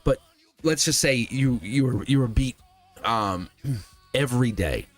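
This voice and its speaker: A man's voice: mid-range voice, animated, a little slow, faint music behind. A man giving a live tarot reading, speaking earnestly and emphatically straight to the viewer. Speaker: tarot reader.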